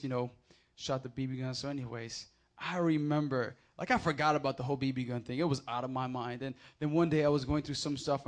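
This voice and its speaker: A man preaching a sermon, swinging from loud emphatic scripture readings to quiet, casual storytelling. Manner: builds to loud emphatic proclamations, then drops low for anecdotes.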